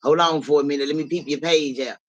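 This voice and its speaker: A man runs a casual livestream and answers his viewers' comments out loud. He talks bluntly and swears freely, with an animated edge to his fairly high voice. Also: quick pace, muffled recording. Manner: blunt, profane, animated, talks back to chat. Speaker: livestream host.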